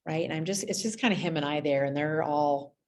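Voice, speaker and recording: A woman's voice: low voice, brisk, a little hiss or hum. A woman school guidance counselor telling classroom stories in a conversational presentation, often checking in with her listeners and acting out the children's voices. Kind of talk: storytelling presentation.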